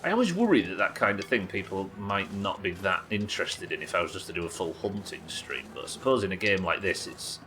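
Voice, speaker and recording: A man's voice: low-pitched, lively intonation, fairly quick, hardly any pauses, bright, forceful tone, slight background noise. A man chatting loosely while streaming a survival game, rambling, swearing and joking at his own expense. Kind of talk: casual gameplay commentary.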